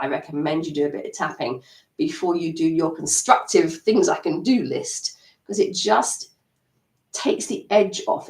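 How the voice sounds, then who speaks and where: A woman EFT practitioner gently guiding listeners through tapping steps in a live coaching talk. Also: fairly low pitch, vocal fry. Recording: echoey room, distant mic.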